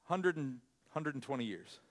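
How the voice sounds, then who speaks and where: A man preaching a sermon as pastor, animated, often stumbling over his words and restarting. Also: medium pitch, normal speed. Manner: animated, self-correcting preacher with frequent restarts.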